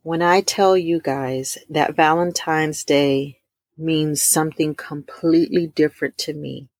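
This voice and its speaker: A middle-aged woman, telling a heartfelt personal testimony to her listeners, warm and emotional, calling them y'all. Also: sits low, fairly even intonation, dry recording, studio quality. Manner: emotional, addresses listeners as y'all, drawn-out emphasis. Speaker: host of a faith talk stream.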